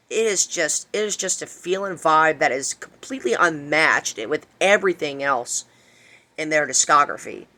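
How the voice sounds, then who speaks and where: A man's voice: a little high, bright, forceful tone. A young man hosting a casual music countdown, enthusiastic and repetitive, drawing out words for emphasis. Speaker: music video host.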